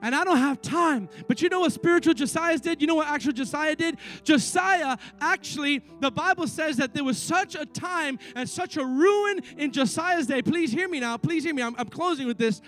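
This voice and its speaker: A man's voice: extremely high pitch, normal speed, few pauses, a bit bright. A middle-aged man preaching a sermon as pastor, telling stories and building to fervent pleas. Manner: preaching with rising fervor and repeated pleas.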